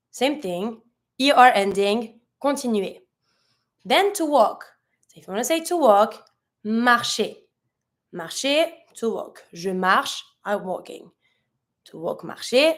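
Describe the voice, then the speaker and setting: Female teacher, fairly high voice, patient lesson delivery, repeats and spells out words. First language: French. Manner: patient, spells out endings and repeats each word. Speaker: French teacher. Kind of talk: recorded language lesson.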